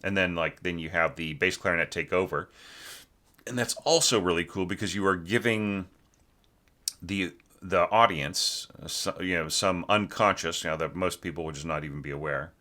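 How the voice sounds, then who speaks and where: A man with a very low voice and a bright, forceful tone gives a critique of a student's orchestral score. His delivery is loose and conversational, full of restarts and tag questions like "right?". He sometimes hums a short melodic line to show what he means. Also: normal speed. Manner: rambling and conversational, keeps asking "right?". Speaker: orchestration teacher.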